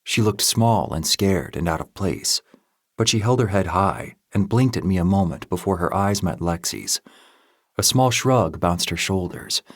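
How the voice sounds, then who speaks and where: Deep-voiced guy narrating an audiobook, steady and measured, dry close sound. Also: no echo. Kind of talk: first-person audiobook narration.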